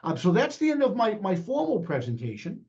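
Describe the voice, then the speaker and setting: Brief: fast, plainspoken man presenting over a muffled video call, slightly high voice. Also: huge pitch swings, a little mellow. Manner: fast-talking, plainspoken, with many fillers. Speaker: sheriff's department presenter.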